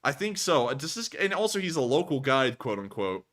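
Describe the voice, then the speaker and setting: A man's voice: medium pitch, normal speed. A man hosting a live stream, chatting casually and mocking online reviews with sarcasm. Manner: sarcastic, animated, mocking voices when reading. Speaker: host. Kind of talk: casual chat reading reviews and super chats.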